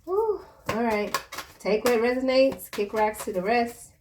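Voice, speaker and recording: A woman giving a casual tarot reading in a chatty, slangy way, breaking into excited exclamations. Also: on the high side, measured pace, noisy background. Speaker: tarot reader.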